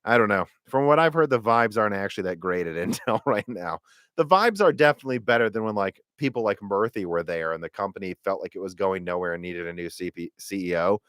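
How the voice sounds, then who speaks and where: A man hosting a live tech Q&A stream, talking in an animated, rambling way and often correcting himself mid-sentence. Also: on the low side, fast talker, smooth, dry recording, clean studio sound. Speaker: tech podcast host.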